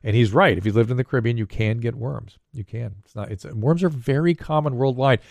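A man's voice: medium pitch, fairly quick, vocal fry, darkish tone, no room sound. An older man hosting a casual podcast, a doctor who explains medical points plainly while answering listener questions.

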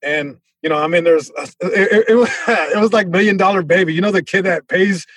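A young man tells a story on a podcast, acting out other people with sudden loud bursts. His voice sits a little high and has a husky grain. The sound is dry and close, with no room around it. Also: brisk, dry recording. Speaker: comedian guest. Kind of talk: casual storytelling.

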